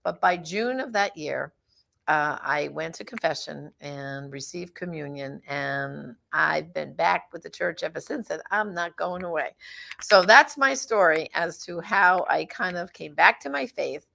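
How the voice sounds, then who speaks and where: A middle-aged woman with a gravelly edge recounts her personal story in an easy, chatty way. She slips into the voices of the people she quotes as she goes. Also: low voice, expressive, measured pace, sharp tone. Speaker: guest telling her faith story. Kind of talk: casual personal testimony.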